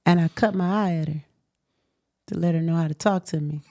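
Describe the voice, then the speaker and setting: Woman, slightly low pitch, candid interview, emphatic, laughs a lot. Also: brisk, no room sound, clean studio sound. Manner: animated, laughs often, emphatic. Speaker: host.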